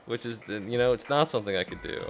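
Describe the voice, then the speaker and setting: A young man streaming a game in casual chat, ranting and swearing with loud exasperated outbursts. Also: mid-range voice, fast, faint music behind.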